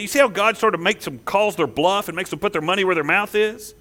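High, bright-voiced man preaching. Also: quick pace, few pauses. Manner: emphatic preaching, swinging between loud and hushed. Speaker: pastor. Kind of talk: sermon.

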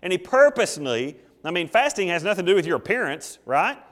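A pastor with a high-pitched voice preaches quickly in a large hall. He tells stories with humor in an animated, jokey way, acting out little scenes and adding acted asides.

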